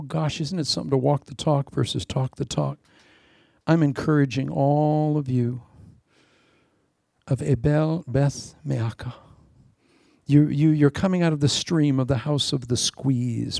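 A middle-aged man preaching a sermon in an animated, preacherly way, with playful asides and laughter. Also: medium pitch, gravelly, husky, no room sound, studio quality. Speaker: pastor.

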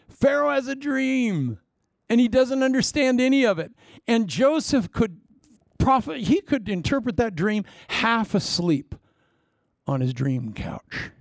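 A man preaching a sermon with lively storytelling, acting out quoted voices along the way. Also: a little high, gravelly, no echo.

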